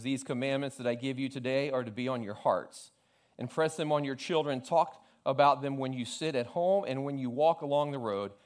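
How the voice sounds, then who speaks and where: A man in his forties from South Florida preaching a sermon, telling funny family stories and quoting his father with lively acted lines. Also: mid-range voice. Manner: storytelling with humor, animated quoting of family. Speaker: pastor.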